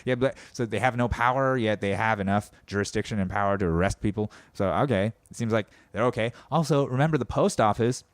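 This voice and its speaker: A man's voice: on the low side, a little fast, few pauses, dry recording. A man hosting a podcast, delivering a sarcastic, profane comedic rant about politics and mocking people as he goes. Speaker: podcast host.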